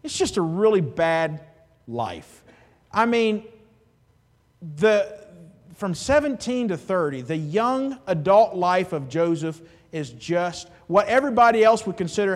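A man preaching a sermon as a pastor, animated, swinging between loud and hushed, with chuckling asides. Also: high voice, a little slow, big-room sound.

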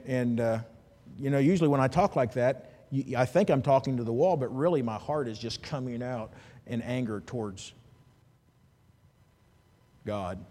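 Male pastor, sermon, animated, loud-to-hushed swings, chuckling asides, long hall reverb. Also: mid-range voice.

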